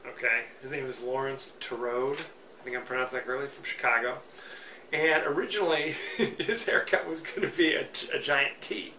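Chatty man with a gravelly voice. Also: medium pitch, moderate pace, sharp tone. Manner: chatty, joking, opinionated. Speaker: podcast host. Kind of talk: solo movie commentary. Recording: roomy, distant mic, faint noise.

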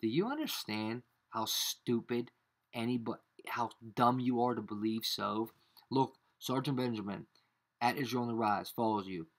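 A man's voice: medium pitch, moderate pace. Angry man ranting over a screen share. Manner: confrontational, slangy, repeats insults. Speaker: YouTuber.

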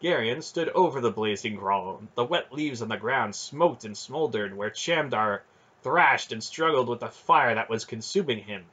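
A man reading a fantasy novel aloud in steady storytelling narration. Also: mid-range voice, breathy edge, highs cut off. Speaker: audiobook reader.

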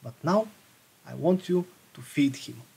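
A man voicing a wicked old woman witch from a storybook in his own husky reading voice. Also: a little high, animated, a little slow, darkish tone, heavily acted. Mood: bossy.

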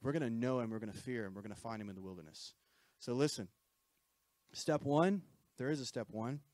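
A man's voice: mid-range voice, brisk, darkish tone, no echo. A man preaching a sermon to a congregation in a conversational style, often checking in with "right?" and repeating himself. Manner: conversational preaching with frequent "right?" asides and repetitions.

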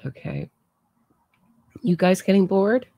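A woman's voice: medium pitch, animated, takes it slowly, dark tone, dry recording, studio quality. A woman hosting a true crime show, casually commenting and thinking aloud as she talks to her viewers.

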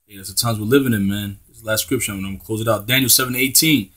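A man's voice: on the low side, fast, a bit bright. A man preaching, reading scripture aloud and breaking in with emphatic, profane street talk. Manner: emphatic, profane and slangy between verses.

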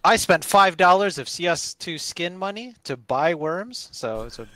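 A man's voice: high-pitched, lively intonation, moderate pace, a bit bright, dry recording. A man chatting casually during a game, easygoing and joking. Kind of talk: casual gaming chat.

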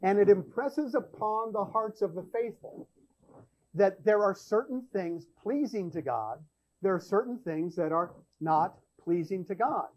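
A man hosts a church show and walks through a Bible passage at an unhurried pace. He leans hard on key words and repeats himself as he thinks aloud. The recording sounds dull and lo-fi. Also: sits high, animated. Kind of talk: Bible teaching.

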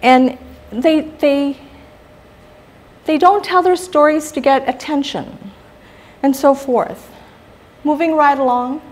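A middle-aged woman from Guam, giving a public talk and telling stories animatedly, often putting questions to the audience. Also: sits high. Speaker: guest speaker.

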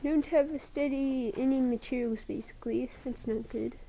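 A woman's voice: high-pitched, fairly even intonation, moderate pace, warm tone. A woman giving live commentary while playing a battle royale game, muttering to herself and breaking into sarcastic, swearing outbursts. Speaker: gamer.

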